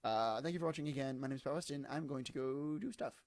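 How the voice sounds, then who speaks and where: Brief: man, 20s, vlogger, tired and hungover, rambling and self-mocking, gravelly voice, dry close sound. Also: medium pitch, fast, darkish tone, dry recording. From United States. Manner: digressive, self-deprecating, full of fillers. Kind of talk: casual rambling monologue to camera.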